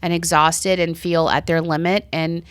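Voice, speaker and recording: A chatty middle-aged woman co-hosting a casual podcast, telling stories and putting on the voices of people she met. Her voice sits a little low, and the recording is dry and close. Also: flat delivery, normal speed, clean tone, no room sound. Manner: chatty storyteller, acts out quoted voices. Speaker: podcast co-host. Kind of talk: casual chat.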